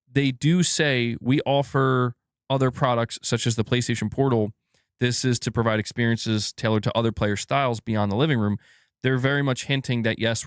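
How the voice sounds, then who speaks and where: A man's voice: mid-range voice, smooth, no room sound, clean studio sound. A man hosting a casual gaming news live stream, who talks loosely, swears, and laughs at himself.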